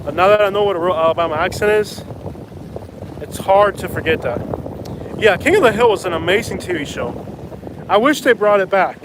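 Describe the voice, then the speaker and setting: A man's voice: high voice, animated, brisk, pauses often. A man live streaming outdoors from a jetty, rambling casually and saying "bro" and "like" a lot. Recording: wind noise on outdoor mic.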